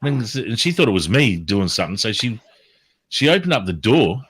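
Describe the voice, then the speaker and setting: A man's voice: lowish voice, fairly quick, slightly rough. A man telling a story in casual chat, swearing constantly and acting out what people said. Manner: swears constantly, animated, acts out quotes. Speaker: livestream host.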